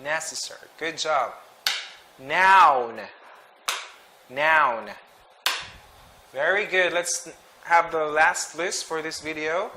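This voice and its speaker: A man teaching English pronunciation, reading sight words slowly and twice each, with short explanations. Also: fairly high pitch, lively intonation, creaky, background noise. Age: adult. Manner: slow and deliberate, repeats each word twice with brief explanations.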